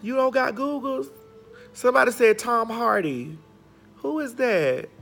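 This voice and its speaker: A middle-aged woman hosting a casual gossip chat, sassy and flamboyant with long drawn-out exclamations. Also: a little high, expressive, gravelly. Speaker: vlog host.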